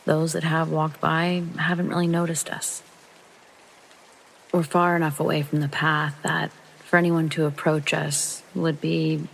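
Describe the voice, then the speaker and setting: A narrator reading a true scary story aloud in calm, steady first person, meant for sleep listening. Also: mid-range voice, gravelly, a little hiss or hum, low-quality recording. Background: rain sounds.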